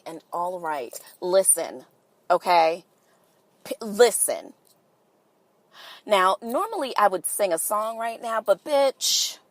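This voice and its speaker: Talking straight to her audience, this podcast host is frank, cheeky, foul-mouthed, and playful in her relaxed solo show. Her mid-range voice comes through a rough recording without echo.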